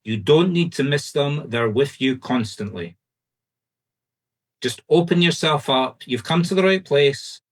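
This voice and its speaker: A man with a Scottish accent working as a medium, giving fast, insistent, reassuring readings to a group over a video call. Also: fairly high pitch, animated. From Scotland.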